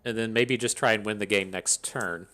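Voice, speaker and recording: A man's voice: fairly low pitch, fairly even intonation, normal speed, sharp tone, faint music behind. A man thinking aloud as he commentates his own card game, swearing freely and grumbling between plays. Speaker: gameplay commentator. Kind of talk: casual gameplay commentary.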